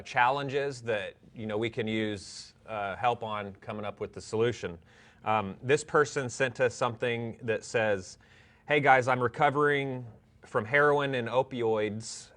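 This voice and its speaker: Friendly guy cohosting a live stream, middle pitch, stumbles and repeats himself. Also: fairly bright tone. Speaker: co-host of a recovery talk show. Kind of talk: casual live-stream chat.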